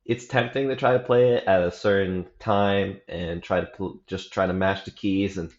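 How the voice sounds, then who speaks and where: A man's voice: deep voice, steady tone, normal speed, darkish tone. A young man giving a casual, rambling report on his practice, often correcting himself and dropping slang. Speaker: practice vlogger. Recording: roomy, slightly dull home recording.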